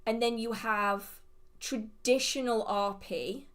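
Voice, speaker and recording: A woman's voice: on the high side, fairly even intonation, takes it slowly, fairly bright tone. A woman with a modern received pronunciation English accent, hosting a live witchcraft Q&A in a rambling, think-aloud way. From England. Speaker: witchcraft channel host. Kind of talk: live Q&A chat.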